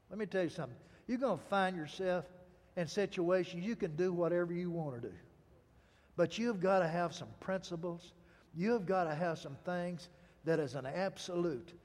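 A man preaching a sermon, telling a personal story with emphatic pauses and dramatic phrasing. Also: high voice, a little mellow, big-room sound. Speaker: pastor.

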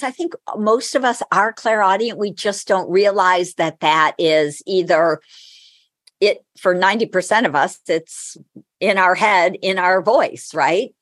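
Lively woman telling laughing stories, dry sound. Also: mid-range voice, no room sound. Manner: animated, laughs often while telling stories. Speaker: spiritual teacher and guest. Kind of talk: casual interview storytelling.

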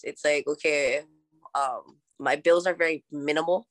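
A woman's voice: low voice, moderate pace, no echo. A young adult woman from Oahu with a Hawaiian accent, chatting as a podcast guest, laughing often and mixing Hawaiian words into her talk. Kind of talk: casual conversational interview.

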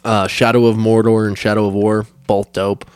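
A young man co-hosts a podcast with a laid-back, casual manner, laughing a lot and swearing freely. His lowish, darkish voice is flat in delivery at a normal speed. The sound is clean with no room sound.

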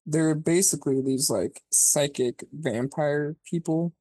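A podcast co-host casually retelling a movie plot, rambling and swearing, filling every pause with "like" and acting out the characters' lines. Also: mid-range voice, mellow, breathy edge, no room sound. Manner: rambling, profane, peppered with "like"; acts out characters' lines mid-story.

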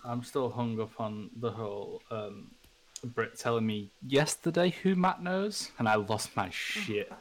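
A man co-hosting a casual podcast, talking in a rambling, halting way. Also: medium pitch. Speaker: co-host, streamer. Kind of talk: casual chat.

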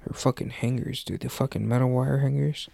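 A man's voice: medium pitch, steady tone, brisk, creaky, warm tone, no echo, studio quality. A young man hosting a podcast, reacting with laid-back, profane banter in casual chat. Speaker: podcast host.

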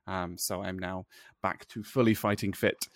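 A man's voice: low voice, fairly even intonation, moderate pace, dry recording, studio quality. A man co-hosting a podcast in casual chat, laughing often and tripping over his words. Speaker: podcast co-host.

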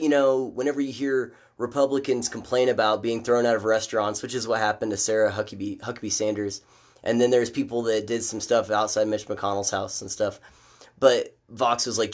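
A man hosting a live stream of political commentary, talking casually and getting animated and exasperated as he argues. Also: medium pitch. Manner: animated, exasperated, rises sharply when mocking views.

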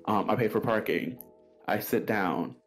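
Man, podcast host, casual storytelling, acts out dialogue, low voice, faint background music. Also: measured pace, vocal fry. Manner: animated storyteller acting out dialogue.

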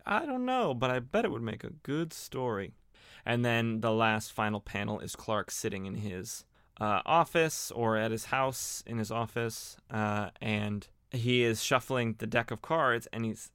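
A man's voice: medium pitch, a bit bright, clear, resonant tone, no room sound, clean studio sound. A young man casually recapping old comic stories as a podcast host, rambling with frequent fillers and restarts.

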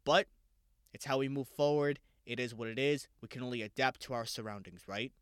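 A man's voice: mid-range voice, brisk, clean tone, dry recording, clean studio sound. A man hosting a casual solo podcast, rambling loosely and swearing freely. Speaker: podcast host.

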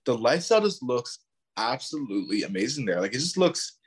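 Lively young man, easygoing guest. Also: medium pitch, a little fast, slightly rough. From Ontario, Canada. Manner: easygoing, musing, lots of "like". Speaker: podcast guest. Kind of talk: casual chat.

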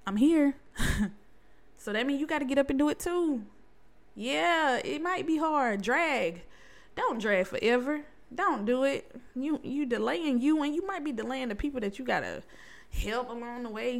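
A woman with a voice hosts her own podcast, talking straight to listeners in a loose, motivational way. She laughs easily and sometimes sinks into soft near-whispers between her bursts of encouragement. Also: a little high. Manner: chatty, laughs often, lively. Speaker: podcast host. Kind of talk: casual motivational monologue.

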